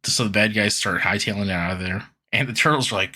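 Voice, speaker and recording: Male podcast co-host, forceful and a bit raspy, loose filler-heavy recap chat. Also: lowish voice, fast, hardly any pauses. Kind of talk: casual chat recapping a cartoon episode.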